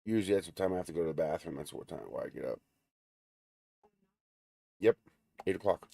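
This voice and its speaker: A man hosting a live stream, chatting casually and teasing his viewers in a relaxed way. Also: low-pitched, brisk, vocal fry, no room sound. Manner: relaxed, teasing banter with chat. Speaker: livestream host. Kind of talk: casual livestream chat.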